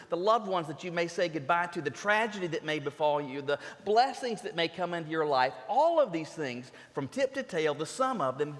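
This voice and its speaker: A fairly high-voiced man preaches a sermon with emphatic, earnest delivery, doubling back on words in quick restarts. His voice rings out into a church sanctuary with a long, trailing reverb. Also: a bit bright. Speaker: pastor.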